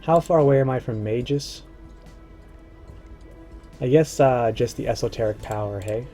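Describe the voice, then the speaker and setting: A man streaming a strategy game, casually thinking aloud and muttering to himself, his words often trailing off low. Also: moderate pace, warm tone, soft background music.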